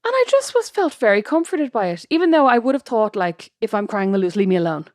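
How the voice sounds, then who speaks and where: A woman's voice: mid-range voice, animated, no echo, studio quality. A woman co-hosting a podcast in casual chat, chatty and full of fillers. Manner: chatty, quick, lots of fillers. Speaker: podcast co-host.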